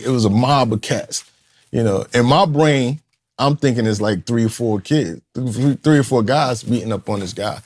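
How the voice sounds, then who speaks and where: In a podcast interview, a man in his fifties from Newark, New Jersey, a community leader, speaks at a moderate pace in a medium-pitched, slightly mellow voice. His personal story is raw, blunt and full of profanity and street talk, and he brings the people he quotes to life by performing their voices.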